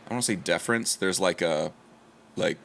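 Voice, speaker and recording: A man's voice: low voice, brisk, vocal fry, a bit bright. A man from Ohio in casual conversation, rambling with lots of "like" and restarts. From Ohio, USA. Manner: rambling, many fillers and restarts.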